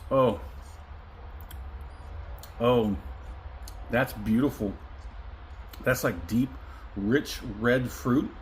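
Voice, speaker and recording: A man's voice: mid-range voice, a little hiss or hum, rough recording. A middle-aged man giving a casual whiskey tasting review, effusive and savoring, humming and chuckling as he talks.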